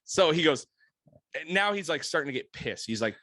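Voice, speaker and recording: A man's voice: on the high side, very animated, normal speed, pushed and bright, no echo. A man co-hosting a podcast, telling a story in a casual, profane way, laughing often and acting out the people in it. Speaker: podcast co-host. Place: podcast studio room.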